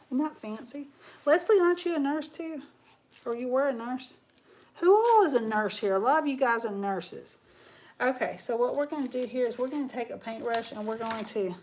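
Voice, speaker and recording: A woman's voice: on the high side, slight background noise. A woman hosting a live crafting stream, chatting casually in a rambling way and reading viewer comments aloud as she works. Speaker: craft livestream host.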